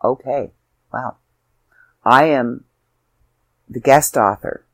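A woman's voice: extremely low pitch, slow pace, no room sound. A woman, hosting her own podcast as an author, chatty and self-deprecating, sounding tired. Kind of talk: casual solo podcast chat.

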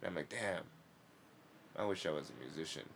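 A stand-up comedian in casual chat, talking loosely with slang and swearing. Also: male voice, a bass voice, expressive, fairly quick, creaky, slight background noise.

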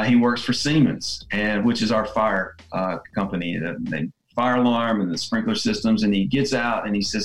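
A man guest, a salon owner, telling heartfelt stories in relaxed conversation. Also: medium pitch. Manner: earnest, heartfelt. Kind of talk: conversational storytelling. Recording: roomy echo, faint music.

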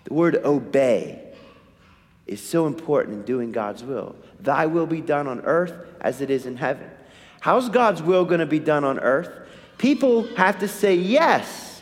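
A man preaching a sermon in a church, asking his listeners questions and answering them himself. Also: sits high. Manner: animated, asks the congregation questions. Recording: hall reverb.

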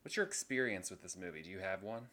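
A man's voice: sits low, expressive, fast, pushed and bright. Dry-joking man co-hosting a podcast. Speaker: podcast co-host. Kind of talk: casual chat.

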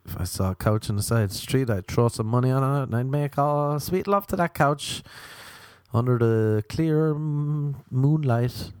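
A young man telling a rambling comic story with deadpan, self-mocking asides. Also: mid-range voice, normal speed, clean tone. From Ireland.

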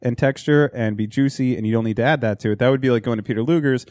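Joking podcast host, dry close sound. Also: male voice, medium pitch, fast talker, a little mellow, dry recording. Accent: picks up a Philadelphia accent. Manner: rambling, joking, swears freely. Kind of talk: casual podcast chat.

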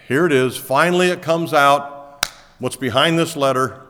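A man preaching a sermon as pastor, pushing key words up loudly, then falling back low and quiet. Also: moderate pace. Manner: emphatic, rising to stress key words, then dropping low. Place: church auditorium. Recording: long hall reverb.

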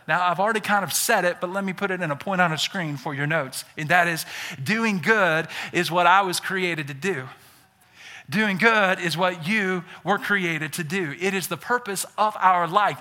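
A male pastor from Alabama with a Southern accent, preaching an energetic sermon that builds to shouts on key points. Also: high-pitched, brisk. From Birmingham, Alabama.

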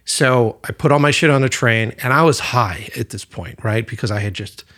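A man co-hosting a podcast, telling a personal story in a loose, animated way and swearing freely. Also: medium pitch, normal speed. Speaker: podcast co-host. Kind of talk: casual storytelling chat.

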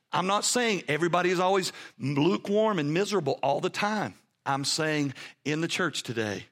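High-voiced preaching man. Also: fairly bright tone. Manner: preaching with emphatic, swinging pitch and volume. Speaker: pastor. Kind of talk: sermon.

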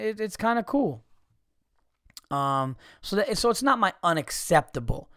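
Profane, animated man ranting. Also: on the high side, no echo, clean studio sound. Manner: profane, animated storytelling with frequent restarts. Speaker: podcast host. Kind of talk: casual comedic rant.

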